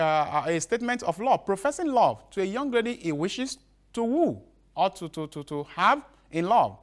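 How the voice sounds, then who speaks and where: Slow-explaining male teacher. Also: high-pitched. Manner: repeats each definition slowly, with halting restarts. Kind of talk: broadcast lesson.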